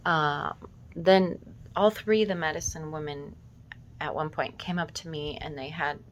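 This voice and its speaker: A woman in her thirties telling a personal story slowly and reflectively, with emotion and some casual swearing. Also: deep voice, fairly even intonation, lo-fi sound, slight background noise. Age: 30s. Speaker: vlogger.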